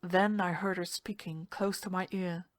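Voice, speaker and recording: A woman narrating a ghost story in a measured, hushed storytelling manner. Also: fairly low pitch, fairly even intonation, dry recording. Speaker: story reader.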